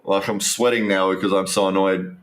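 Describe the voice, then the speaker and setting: A man's voice: sits low, steady tone, a little fast. A man giving casual, rambling live stream commentary, restarting sentences and talking straight to his viewers.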